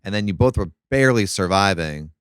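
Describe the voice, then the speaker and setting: A man's voice: low voice, expressive, fairly quick, clean tone, dry recording, clean studio sound. A man co-hosting a podcast, chatting casually in a rambling way with restarts. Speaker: podcast co-host. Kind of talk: casual chat.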